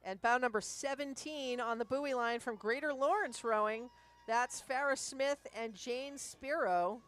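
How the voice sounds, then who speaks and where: A woman commentating a rowing race live, briskly reading out the crews, their clubs and backgrounds. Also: on the high side, fairly bright tone.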